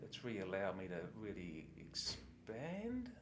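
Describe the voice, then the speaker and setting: An earnest Australian man answering interview questions in a relaxed, conversational way. He hesitates often, with ums and restarts, as he searches for the right words. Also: on the low side, unhurried, heavy background noise. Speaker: former student and artist, interviewee.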